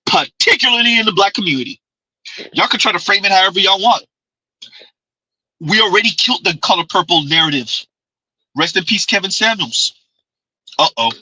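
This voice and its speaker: A man's voice: high-pitched, lively intonation, brisk, long pauses, pushed and bright, slightly rough, no echo, low-quality recording. A man hosting a commentary livestream, talking emphatically and repeating himself, sometimes calling himself by name in the third person. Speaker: livestream host.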